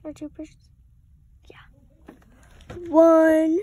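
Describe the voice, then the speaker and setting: A woman's voice: very high voice, completely flat delivery, very slow, mellow. A preteen girl, rambling through a casual vlog with many apologetic asides. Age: around 11 or 12. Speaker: vlogger.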